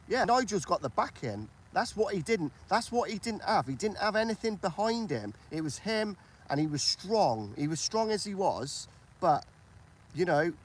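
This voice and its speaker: A British man hosting a casual political chat on a livestream, repeating himself and asking for agreement. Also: sits high. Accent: British English. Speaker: livestream host.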